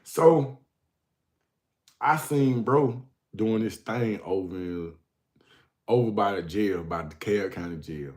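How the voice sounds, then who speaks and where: A man's voice: fairly low pitch, slow, pauses often, darkish tone. A man hosting his own show, telling stories casually, often laughing and calling the listener bro. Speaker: host. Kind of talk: casual storytelling.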